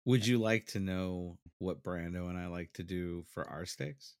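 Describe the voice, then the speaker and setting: A man's voice: low-pitched, unhurried, darkish tone, clean tone, no room sound, clean studio sound. A middle-aged man, a podcast co-host from New Orleans, chatting casually and laughing as he tells stories. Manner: laughs often, storytelling. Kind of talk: casual chat.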